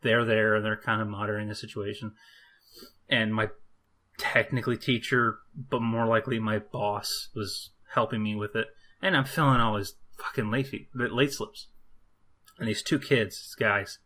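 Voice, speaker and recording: This young co-host's voice is on the low side and his pace moderate as he recounts an anecdote during a casual podcast conversation. He brings it to life with animated impressions of each person's voice.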